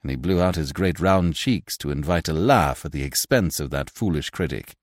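Guy reading a classic story aloud, low voice, expressive, no room sound. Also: normal speed, no room sound, studio quality. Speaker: narrator. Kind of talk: scripted audiobook narration.

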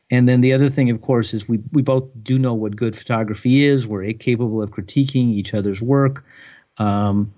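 A man, a photographer, answering interview questions in a relaxed, thoughtful way, laughing easily. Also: medium pitch. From United States.

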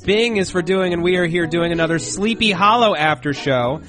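A man co-hosting a podcast in a playful, jokey, excitable way, chatting casually. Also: sits high, normal speed, hardly any pauses, music in the background. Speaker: podcast co-host. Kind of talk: casual chat.

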